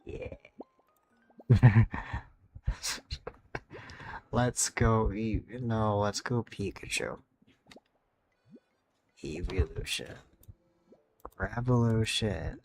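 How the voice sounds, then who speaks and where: A man's voice: lowish voice, slow pace, long pauses, slight background noise. A man streaming late at night, chatting casually with viewers, sleepy and rambling, losing his words.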